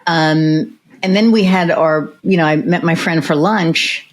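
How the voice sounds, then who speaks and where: A woman's voice: low voice, a little slow. A woman hosting a podcast, telling stories in a rambling, casual way with lots of fillers and restarts. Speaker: podcast host. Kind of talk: casual interview chat.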